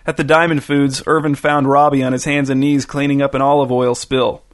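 A man narrating a story in a steady, even way. His voice sits at an ordinary middle pitch for a man, plain and unhurried.

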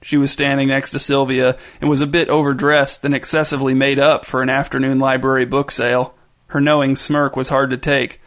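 A man reading a story aloud as narrator, with even, wry narration. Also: mid-range voice, a little fast.

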